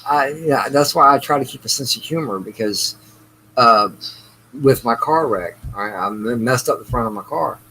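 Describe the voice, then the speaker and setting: A man co-hosting a podcast, talking in a relaxed, casual way, often saying "you know". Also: medium pitch, normal speed, slight background noise, rough recording. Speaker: podcast co-host. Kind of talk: casual chat.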